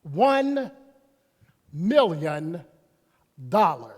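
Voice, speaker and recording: A man's voice: sits high, very animated, unhurried. A man preaching a sermon as pastor, folksy, breaking off to talk to himself and to the congregation. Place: church sanctuary. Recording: long reverb of a church hall.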